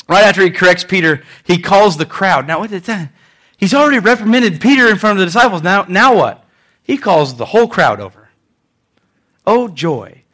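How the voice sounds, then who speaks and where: A man preaches in an animated way, rising loud and dropping soft. His voice sits fairly high for a man. He plays out quotes in different voices. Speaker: pastor. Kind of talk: sermon.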